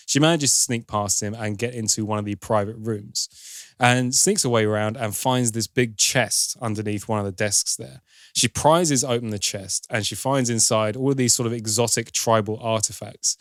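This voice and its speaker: A man's voice: on the low side, fairly even intonation, normal speed, dry recording, studio quality. A man, a podcast film reviewer, chattily retelling a film's plot with wry, sarcastic asides. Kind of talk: casual plot recap.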